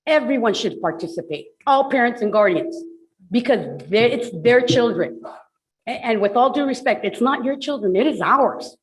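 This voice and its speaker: Woman, public commenter at a board meeting; emphatic, stresses key words slowly. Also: fairly high pitch, expressive, low-quality recording. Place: school board meeting room at a podium.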